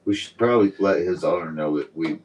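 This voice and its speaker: A man's voice: low-pitched, brisk, a little mellow, distant mic, slight background noise, low-quality recording. A man co-hosting a podcast in casual chat, laid-back, with short replies and casual swearing. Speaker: podcast co-host.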